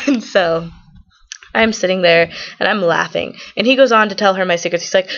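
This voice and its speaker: Teen girl, gossipy rambling vlog, gravelly voice, muffled lo-fi audio. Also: on the low side, moderate pace. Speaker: vlogger. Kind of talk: casual storytelling to camera.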